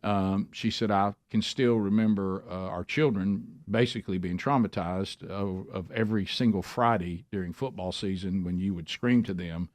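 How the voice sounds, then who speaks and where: A man hosting a talk show, telling a long animated story and acting out the voices of both people in it. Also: deep voice, moderate pace, hardly any pauses. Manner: animated storyteller, acts out dialogue. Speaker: radio show host.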